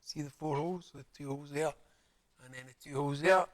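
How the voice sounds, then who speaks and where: A man's voice: a little high, fairly quick, a bit bright. Man muttering while building a model. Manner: mutters to himself while fiddling with small parts, chatty aside to viewers. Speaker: live streamer building a model kit. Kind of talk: casual live-stream chat while working. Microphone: streaming mic with adjustable audio settings.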